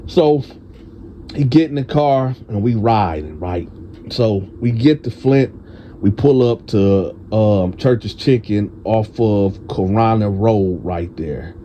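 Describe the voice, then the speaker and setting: A man from tells a prison storytime in a casual, animated way. He acts out his friends' voices in a higher pitch. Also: slow, muffled recording, a little hiss or hum.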